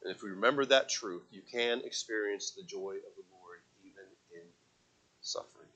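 A man preaching a sermon to a congregation, swinging from quiet, conversational stretches to loud, impassioned calls with repeated words. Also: fairly low pitch, moderate pace, husky. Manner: asks the congregation to read aloud with him. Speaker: pastor.

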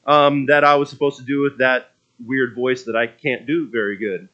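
A man delivers a sermon in a relaxed, storytelling way, often stumbling and restarting phrases. His voice sits at an ordinary middle pitch. The recording sounds a little muffled. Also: normal speed. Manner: conversational storytelling preaching with repeated restarts. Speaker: preacher.

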